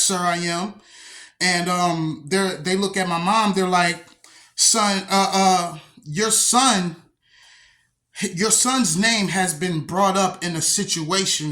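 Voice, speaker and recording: A young man casually telling a story from his own life, profane and streetwise, acting out the dialogue as he goes. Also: sits high. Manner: profane, streetwise, animated retelling with acted-out dialogue.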